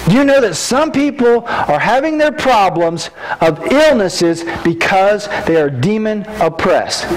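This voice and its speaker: A man preaching a sermon as pastor, fervent and emphatic, with loud bursts and restarts at the start of sentences. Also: sits high, sing-song, slow pace, rough recording. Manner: repeats words when starting a sentence.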